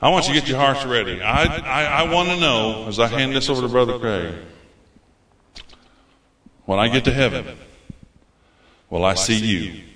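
A man's voice: mid-range voice, expressive, normal speed, pauses often, sharp tone. A man preaching a fervent, folksy sermon as a visiting preacher, repeating his phrases for emphasis. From United States. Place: church hall. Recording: roomy church hall.

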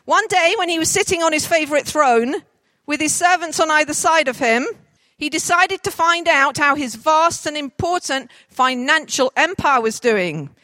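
A woman telling a story to a group, directing volunteers as they act it out, with lively, jokey asides. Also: sits high, normal speed, no room sound. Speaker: children's storyteller.

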